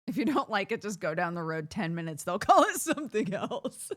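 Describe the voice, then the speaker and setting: A woman's voice: medium pitch, sing-song, a little fast, a bit bright. An American woman streamer chatting casually with viewers, laughing often as she talks. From United States.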